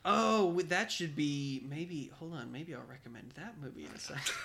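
A man's voice: on the high side, normal speed, vocal fry, background noise. A man co-hosting a podcast, bantering in casual chat with frequent laughter and swearing. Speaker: podcast co-host.

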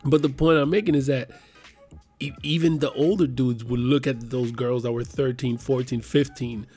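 A man's voice: medium pitch, normal speed, breathy edge, soft background music. A man in his thirties from the Miami area, telling a profane story in casual chat and acting out the voices of the people in it. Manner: profane, animated storyteller who acts out quotes.

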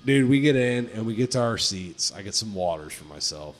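A man co-hosting a podcast, telling a long story in casual chat, swearing often and jumping high in pitch when he quotes himself. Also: a little fast. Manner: profane, animated storytelling, pitch jumps high on quoted lines. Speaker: podcast co-host.

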